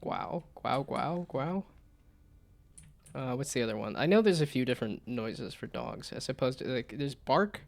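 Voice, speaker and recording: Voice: medium pitch, animated, a little fast, gravelly, hardly any pauses. A VTuber streamer giving playful live commentary over a story game, slipping into mock-archaic phrases and laughing often.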